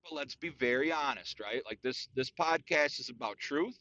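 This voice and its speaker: A man's voice: mid-range voice, normal speed, sharp tone, no echo, lo-fi sound. A man hosting a casual solo podcast rant, talking in a crude, profane and boastful way, calling everyone "dude". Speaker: podcast host.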